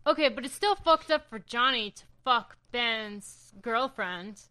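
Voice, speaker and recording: A woman's voice: a little high, animated, unhurried, sharp tone, clear, resonant tone, poor audio. A woman co-hosting a podcast in casual chat, blunt and outspoken, swearing when she gets indignant. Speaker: podcast co-host. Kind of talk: casual comic recap chat.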